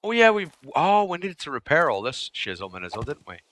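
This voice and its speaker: A man's voice: fairly high pitch, sing-song, brisk, a bit bright. A young man streaming a survival game live, chatting casually, swearing now and then, grumbling at the game and answering his chat. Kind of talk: live gameplay commentary.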